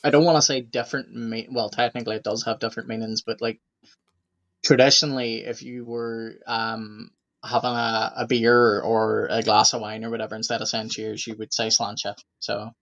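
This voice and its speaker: A man's voice: on the low side, little pitch movement, moderate pace, fairly bright tone, dull audio. Earnest Irish man explaining. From Ireland and the UK. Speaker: co-host. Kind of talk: casual podcast chat.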